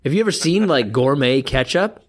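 A man's voice: mid-range voice, expressive, moderate pace. A man co-hosting a podcast in casual chat, blunt and teasing. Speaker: podcast co-host.

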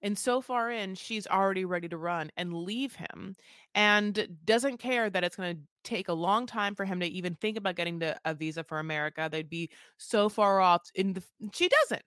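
A woman co-hosting a podcast in casual recap chat. She is gossipy and crude and acts out other people's lines in lively bursts. Her voice sits in a middle range and sounds dry and close. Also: mid-range voice, normal speed, dry recording. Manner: animated, gossipy, crude joking, acts out quotes. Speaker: podcast co-host.

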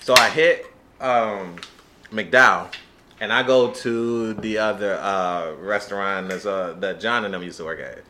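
Bright-voiced man telling a crude story. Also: fairly low pitch, unhurried, a little hiss or hum. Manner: profane, animated storytelling with acted-out quotes. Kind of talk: casual chat.

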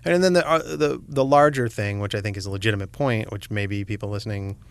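A man's voice: on the low side, fast, clean tone. A man co-hosting a podcast, chatting casually with wry, opinionated remarks. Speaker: podcast co-host. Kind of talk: casual chat.

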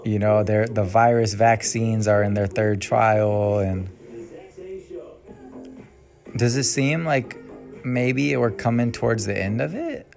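A young man talks through his solo podcast in a low, gravelly voice. He muses loosely, trails off and sighs between thoughts. Guitar music plays clearly behind him the whole time. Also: slow, long pauses, a little mellow. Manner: casual, musing, trailing off with many ums and sighs. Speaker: podcast host. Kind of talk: rambling solo podcast monologue.

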